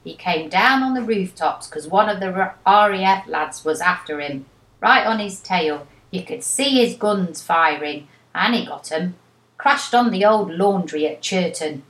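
Woman reading a sure-voiced dad from wartime, speaking with settled authority, fairly low and even. The sound carries a clear echo from the room around her. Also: unhurried. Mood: authoritative. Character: wartime northern father, calm, authoritative. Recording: echoey room.

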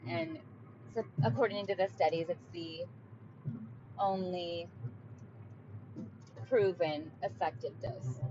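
A woman's voice: fairly low pitch, dull audio, background noise. A woman speaking casually to camera in a confessional vlog, full of fillers and "like". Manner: chatty, many fillers and "like". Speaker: vlogger.

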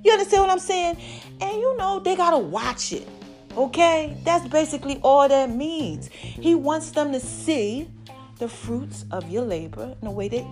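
Animated woman chatting to her followers. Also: high-pitched. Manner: animated, playful, calls listeners baby. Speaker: vlogger and podcast host. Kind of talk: casual chat to followers.

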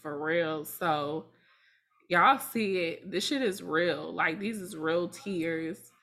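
A woman's voice: on the low side, takes it slowly, a bit bright. A woman co-hosting a podcast, speaking heartfelt and emphatic with slang. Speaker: podcast co-host. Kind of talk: casual chat.

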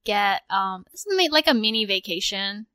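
A woman co-hosting a podcast, chatting in a relaxed, agreeable way and explaining things. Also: medium pitch, moderate pace, smooth, dry recording. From Southern California. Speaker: podcast co-host. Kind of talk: casual chat.

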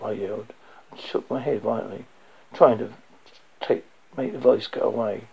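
A man reading a dark first-person story aloud, low and intense, sometimes dropping to a whisper. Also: fairly even intonation, moderate pace, vocal fry, long pauses, slightly rough. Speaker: audiobook narrator. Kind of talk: first-person audiobook narration. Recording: dull lo-fi recording.

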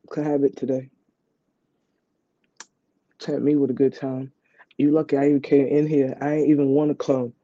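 A man's voice: medium pitch, mellow, no room sound. A man telling a rambling, casual story about his day as a vlogger, repeating himself and leaning on "like". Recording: dull, dry lo-fi sound.

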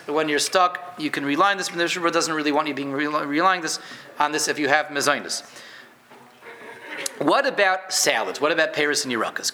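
Man, high-pitched, rabbi giving a chatty live class, stumbles and checks the room understands. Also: bright, forceful tone. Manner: conversational, repeats words, quizzes listeners. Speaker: rabbi teaching Jewish law. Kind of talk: informal halacha class.

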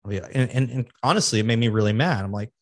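A man's voice: medium pitch, very fast, dry recording. A man hosting a podcast, giving earnest motivational advice in a coaching manner and repeating key phrases for emphasis. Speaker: podcast host.

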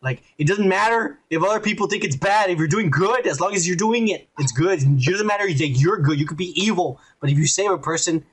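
Husky high-voiced man recapping crudely. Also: a little fast, hardly any pauses. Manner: rambling, crude, puts on mocking voices for characters. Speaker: podcast co-host. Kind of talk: casual profane recap.

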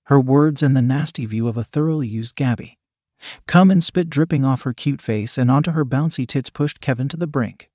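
Male narrator, steady read-aloud, mid-pitched, dry close sound. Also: no echo. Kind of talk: scripted narration of an adult story.

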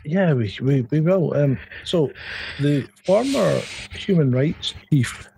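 A man's voice: on the high side, animated, slow pace, vocal fry, warm tone, slight background noise. A man co-hosting a casual news stream, laid-back and wry, reading quotes aloud. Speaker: co-host of a news talk stream.

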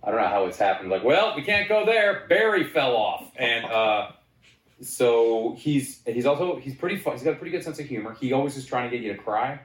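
A man in his forties telling stories as a guest in a casual chat. He wanders through his sentences and jumps into high, excited voices when quoting himself. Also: fairly quick, echoey room. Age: 40s.

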